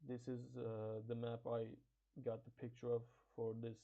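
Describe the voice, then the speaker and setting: Halting man with tinny audio. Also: medium pitch, monotone, dark tone. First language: Turkish. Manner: halting, many fillers and restarts. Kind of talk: classroom presentation on pronunciation.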